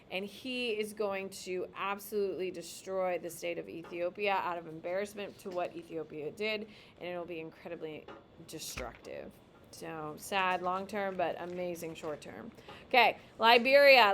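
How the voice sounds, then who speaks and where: A woman's voice: medium pitch, fairly bright tone, a little hiss or hum. A woman teacher giving a casual, emphatic classroom lecture while drawing on a map.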